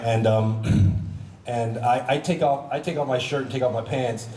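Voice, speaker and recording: A man's voice: mid-range voice, normal speed. Man on a convention panel, echoey hall. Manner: animated storytelling, laughing, stammering restarts. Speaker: actor, panel guest. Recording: echoey hall from far off, noisy.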